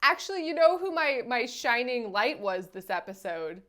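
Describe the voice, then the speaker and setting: Animated woman podcast co-host. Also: a little high, moderate pace. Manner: animated, acts out quotes with voice changes. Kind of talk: casual chat recapping a TV show.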